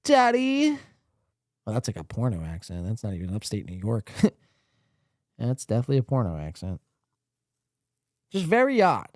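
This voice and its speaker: A man's voice: on the low side, sing-song, a little fast, pauses often, darkish tone, no echo, clean studio sound. A man hosting a podcast, commenting casually on clips in a crude, rambling way with plenty of swearing. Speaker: podcast host.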